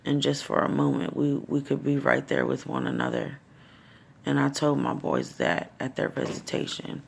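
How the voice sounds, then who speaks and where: A woman's voice: very deep voice, sing-song, normal speed, vocal fry, breathy edge. A middle-aged woman vlogging about grief, raw and profane, holding back tears as she talks. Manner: raw, tearful, profane, speaks from the heart. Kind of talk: emotional personal vlog.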